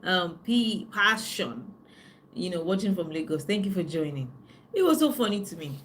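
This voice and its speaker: A woman life coach chats on a live stream, telling stories in a lively way with plenty of "you know". Her voice sits fairly low. Faint background noise runs behind her. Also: normal speed. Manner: chatty, animated storytelling with frequent "you know". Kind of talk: live-stream chat with viewers.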